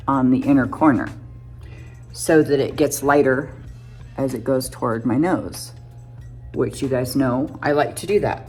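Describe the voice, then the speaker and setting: A woman's voice: sits low, darkish tone. A woman in her fifties, a beauty vlogger, chatting casually and a little self-deprecatingly as she talks through each step of her makeup tutorial.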